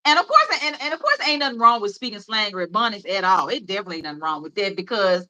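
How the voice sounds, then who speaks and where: A woman's voice: medium pitch, very animated, racing, sharp tone, rough recording. A woman in her thirties with a Memphis accent, hosting a livestream in rambling, chatty talk full of fillers and laughs. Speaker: livestream host. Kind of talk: casual chat.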